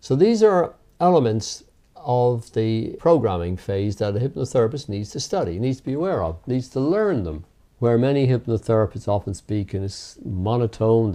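Measured low-voiced man explaining hypnotherapy. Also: mellow. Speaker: hypnotherapy teacher. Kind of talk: explanatory interview talk.

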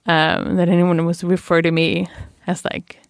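A woman's voice: on the low side, little pitch movement, unhurried, creaky, no echo, clean studio sound. A woman from Germany with a German accent, chatting as a guest and telling stories with fillers and laughs. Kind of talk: casual interview chat.

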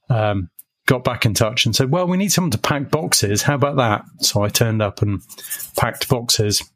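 A man's voice: medium pitch, a bit bright, no room sound. A man, a guest on a podcast, telling rambling, wry anecdotes in casual conversation. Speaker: guest, magazine editor.

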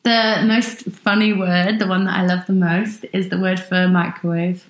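A woman's voice: on the low side, flat delivery, normal speed. Brief: woman from south wales, neutral british voice, chatty guest, echoey room. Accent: neutral British English, faint Welsh. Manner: chatty, laughs often, self-deprecating. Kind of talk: casual chat.

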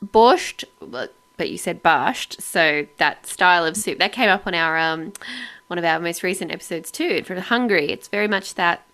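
A woman's voice: fairly low pitch, moderate pace, pushed and bright. An Australian woman hosting a podcast, chatting casually, laughing often and rambling a little. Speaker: podcast host. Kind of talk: casual chat.

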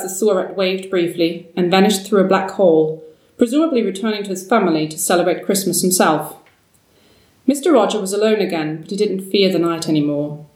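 A woman narrating a story aloud in a measured, steady way. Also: medium pitch. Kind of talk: storybook reading. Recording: roomy, distant mic.

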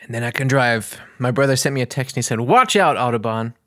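A man's voice: medium pitch, little pitch movement, fast, a bit bright, no room sound, studio quality. A man vlogging, telling a story in a casual, rambling way, often restarting and searching for words.

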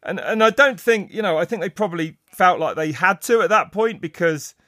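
A middle-aged man, a race commentator, telling stories in casual chat, rambling and animated with many restarts. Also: high-pitched, fairly quick, no echo, studio quality. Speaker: mountain bike race commentator. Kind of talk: casual podcast storytelling.

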